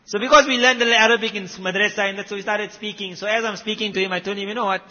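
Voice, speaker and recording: South African male preacher, emphatic storyteller; sharp tone in a reverberant, dull-sounding hall. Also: sits high, steady tone, racing, few pauses. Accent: South African Indian English. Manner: emphatic, rising and dropping loudness. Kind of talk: sermon storytelling. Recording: muffled recording with long hall echo.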